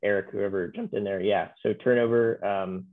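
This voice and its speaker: Brief: low-pitched male trainer, easygoing and filler-heavy, heard over a tinny, phone-like connection. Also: moderate pace. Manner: relaxed, many fillers. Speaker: software trainer. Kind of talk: webinar walkthrough.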